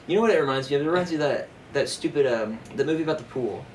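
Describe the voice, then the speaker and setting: Fast-talking joking young man, roomy. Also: fairly high pitch. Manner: fast, rambling, absurd deadpan jokes. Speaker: podcast guest. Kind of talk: casual joking chat. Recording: roomy, distant mic with background noise.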